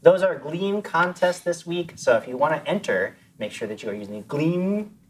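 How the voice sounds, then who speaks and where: A woman with a very deep, low-pitched voice hosts a live game stream, upbeat and chatty. Her delivery swoops up and down with lively intonation. A faint hum sits behind her. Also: normal speed. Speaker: host. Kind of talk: live-stream announcements and banter.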